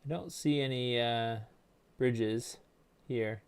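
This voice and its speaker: A man's voice: mid-range voice, slow pace, clear, resonant tone. Man muttering while he solders. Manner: mutters to himself, thinks aloud while working; quiet and offhand, jokey asides. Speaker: streamer. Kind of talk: casual live-stream commentary while soldering.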